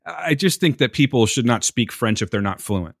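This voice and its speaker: A man's voice: mid-range voice, lively intonation, moderate pace, creaky, dry recording, studio quality. A man co-hosting a podcast in casual banter, profane and teasing, laughing often. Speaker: podcast co-host.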